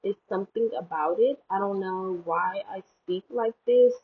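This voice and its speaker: At a moderate pace and with a breathy edge, a young woman vlogs in a rambling, jokey way, packing her casual chat with fillers and self-mocking asides. She's recorded on a headphone mic that sounds tinny and low-quality.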